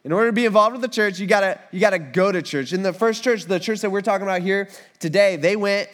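High-voiced casual preacher. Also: male voice, fast talker. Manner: casual, animated, conversational preaching. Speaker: pastor. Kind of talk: sermon.

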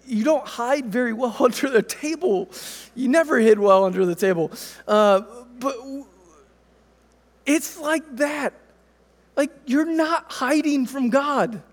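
A man in his thirties preaching a sermon, telling a family story in a relaxed, conversational way. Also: very high-pitched, slow pace, big-room sound. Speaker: pastor.

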